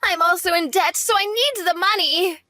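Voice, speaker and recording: A woman's voice: extremely high pitch, normal speed, pushed and bright, dry recording. A woman voicing a greedy, selfish older mother-in-law who talks in a demanding, whiny way. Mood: pleading.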